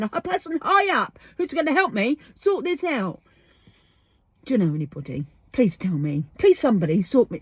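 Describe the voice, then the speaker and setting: A woman's voice: on the high side, slightly rough, no echo. An exasperated woman rants on her podcast, her voice swinging widely up and down. She swears freely and keeps firing off questions. The sound is close and dry, recorded inside a parked van. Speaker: podcast host. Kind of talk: casual ranting monologue.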